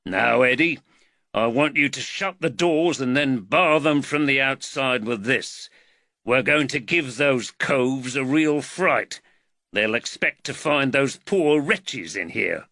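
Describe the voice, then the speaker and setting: A stern, protective father in an audiobook, put on by a male narrator. He gives orders with calm authority and a dry, wry edge, in a bright, lively voice. The sound is dry and close. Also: mid-range voice, slow, creaky, no room sound, voice pushed up, full character voice. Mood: steady, fatherly. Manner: calm, commanding, dryly wry. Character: stern protective father, middle-aged man.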